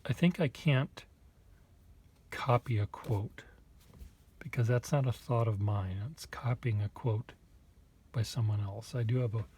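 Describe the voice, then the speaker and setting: A man's voice: on the low side, dark tone, slight background noise. Musing, self-deprecating man vlogger. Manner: halting and self-deprecating, muttered asides. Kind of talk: casual thinking aloud to camera.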